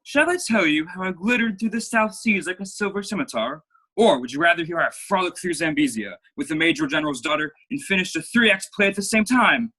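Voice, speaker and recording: Young man acting out a vain showy playwright, bright forceful voice, florid, video call. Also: high-pitched, animated, fairly quick, husky, heavily acted. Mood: grandiose. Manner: grandiose, florid delivery. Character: flamboyant vain male playwright, theatrical and witty. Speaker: student actor. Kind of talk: school play over video call.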